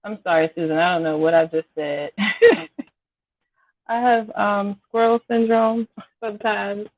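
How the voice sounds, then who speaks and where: A woman's voice: medium pitch, fairly even intonation, takes it slowly. Woman chatting to viewers while she cooks, kinda scratchy throat, sounds like a phone line, no room echo. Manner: chatty, talks to viewers by name, apologetic. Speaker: home cook hosting a live cooking stream. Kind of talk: casual live-stream chat while cooking. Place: home kitchen. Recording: dry, tinny phone-like sound.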